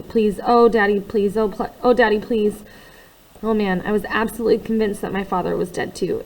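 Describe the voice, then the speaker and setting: A woman reading a first-person novel aloud, her voice at an everyday middle pitch. She reads expressively, dropping to a hush in some passages and rising loud in others. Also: rough recording. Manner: expressive, swinging between hushed and loud. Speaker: audiobook reader.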